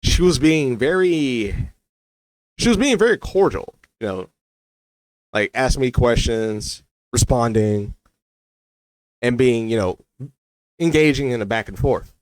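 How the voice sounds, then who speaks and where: A man's voice: mid-range voice, animated, a little slow, pauses often, no room sound, low-quality recording. A young adult man vlogging, telling a personal story in a loose, rambling way full of "like" and "you know".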